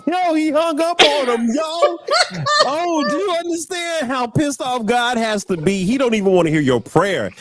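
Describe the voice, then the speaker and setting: A man hosting a casual livestream roundtable, excitable and laughing through his animated storytelling. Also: extremely high pitch, moderate pace, a loud crowd. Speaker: livestream host.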